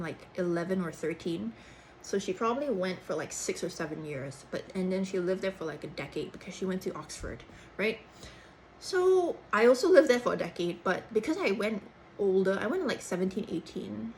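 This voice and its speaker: A young woman from Singapore with a Cantonese-tinged, third-culture Singaporean English accent, talking in a chatty, animated casual way. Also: medium pitch, a little fast, a little hiss or hum, rough recording. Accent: Singaporean English with Cantonese influence, third culture. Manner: chatty, animated, frequent "like" and "lah". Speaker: actor. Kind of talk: casual chat.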